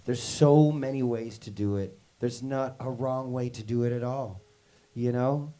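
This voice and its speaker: This man's warm, medium-pitched voice moves a little slowly as he runs a workshop for young students. His stories ramble casually, peppered with "like" and "you know," and he acts out every quote.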